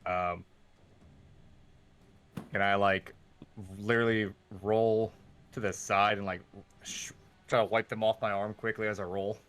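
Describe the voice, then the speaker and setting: A man with a lowish voice, taking his turn in a casual tabletop game. He asks about the rules and checks each move before he commits to it. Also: little pitch movement, unhurried, long pauses, fairly bright tone, clear, resonant tone. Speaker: player.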